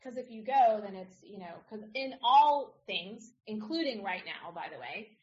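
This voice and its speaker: A middle-aged woman, a podcast guest, telling a personal story in a casual, animated way and acting out the other people in it. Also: mid-range voice, normal speed. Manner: animated, acts out others' voices in her story. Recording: dull lo-fi audio.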